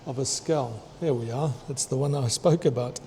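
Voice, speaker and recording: A man excitedly touring a fossil museum, chatting to his viewers and tripping over long names. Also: mid-range voice, normal speed, a little hiss or hum. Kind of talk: walking museum tour vlog. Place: indoor museum hall.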